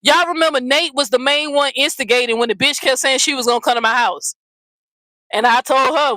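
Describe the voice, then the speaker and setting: A woman's voice: sits high, a little fast, pushed and bright, dry recording, rough recording. Profane, fiery woman ranting on her vlog. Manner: blunt, profane, mocking. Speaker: channel host. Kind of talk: confrontational vlog rant.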